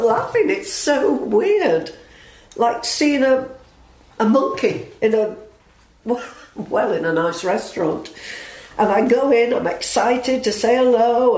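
A woman's voice: on the high side, darkish tone. A woman acting a blunt, wounded working-class friend, speaking emotionally in slangy everyday talk. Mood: hurt. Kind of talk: audio drama acting. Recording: roomy echo.

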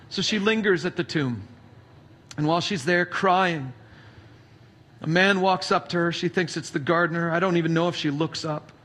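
A male pastor preaching a sermon, reading scripture aloud and then retelling it as a story, moving between hushed passages and emphatic ones. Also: a little high, breathy edge.

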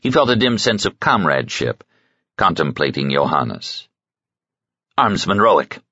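A man reading a novel as an audiobook narrator, with an expressive, varied delivery. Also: rumbling low, moderate pace, breathy edge, no echo, muffled recording.

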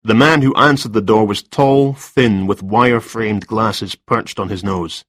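Low-voiced man narrating a story. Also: unhurried, fairly bright tone, no echo, clean studio sound.

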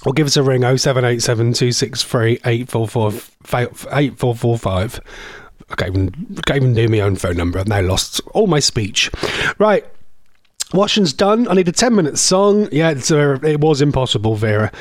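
A man's voice: medium pitch, lively intonation, no echo, studio quality. A man with a Norfolk accent presenting live radio, self-mocking and flustered, with a cold coming on. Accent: Norfolk English. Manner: flustered, self-mocking, stumbling attempts at fast auctioneer chant. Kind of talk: casual live radio chat.

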